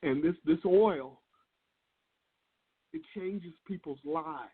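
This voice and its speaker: A man's voice: on the high side, slow, husky. A man speaking as a guest on a business interview call, laid-back and earnest, often restarting his words. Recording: tinny phone line.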